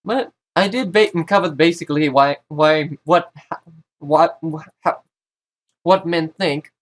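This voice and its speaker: A man's voice: on the high side, takes it slowly. A man and YouTuber talking straight to camera in a casual vlog monologue. He rambles, interrupts himself often and states blunt opinions.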